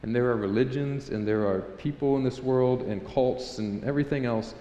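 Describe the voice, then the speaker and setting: Animated man preaching in an echoey hall. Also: medium pitch, normal speed. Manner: animated, joking, acts out prayers in a raised voice. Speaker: pastor. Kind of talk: sermon. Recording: echoey hall, faint room ambience.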